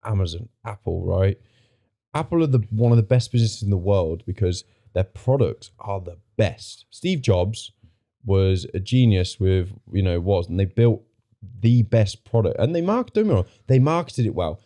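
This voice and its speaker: Opinionated male podcast guest, lowish warm voice, emphatic delivery. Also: lively intonation, moderate pace. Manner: emphatic, opinionated, repeats himself. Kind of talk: casual podcast chat.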